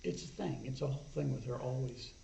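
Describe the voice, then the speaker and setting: A man's voice: medium pitch, quick pace, vocal fry, mellow, a little hiss or hum. A man co-hosting a reaction video, tired and recovering from illness, talking in a hesitant, rambling way. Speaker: co-host of a reaction channel. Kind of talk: casual chat. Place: home studio. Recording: roomy, distant and dull-sounding.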